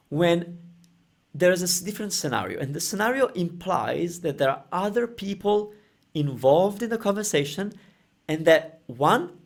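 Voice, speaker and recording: Lively, animated male teacher. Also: fairly high pitch. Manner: animated, emphatic, explains with Italian example phrases. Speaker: Italian language teacher. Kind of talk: explanatory language lesson.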